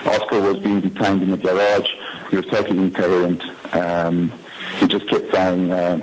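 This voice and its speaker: Deep, flat-voiced man in noisy interview audio. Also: moderate pace. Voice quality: hesitant, many uh fillers. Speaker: friend of the accused, interviewee. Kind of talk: recorded interview account.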